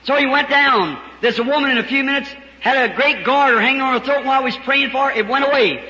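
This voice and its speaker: High, bright-voiced fervent preacher man. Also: fast talker, muffled recording. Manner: fervent, breaks into shouts and chuckles. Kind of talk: storytelling sermon. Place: large church hall before a congregation. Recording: echoey hall, faint background noise.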